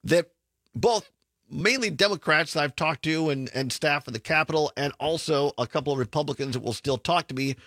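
A man's voice: a little high, fairly quick, no echo. A man, hosting a political talk radio show in a studio, chatty and sarcastic as he tells stories. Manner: chatty, sarcastic, animated storytelling.

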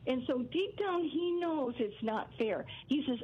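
A woman's voice: sits high, animated, unhurried, a little hiss or hum. An older woman calling in to a radio show, talking in a rambling way with many restarts. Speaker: caller. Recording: dull lo-fi phone line.

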